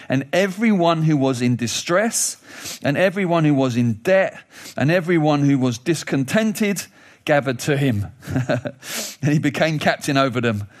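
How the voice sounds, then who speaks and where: A high-pitched man preaches a sermon, his voice climbing even higher when he asks questions. He retells a story in an animated way, restarting sentences as he thinks aloud.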